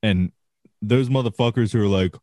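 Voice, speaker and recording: Laid-back profane man, low voice. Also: normal speed, warm tone, no room sound, studio quality. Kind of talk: casual chat.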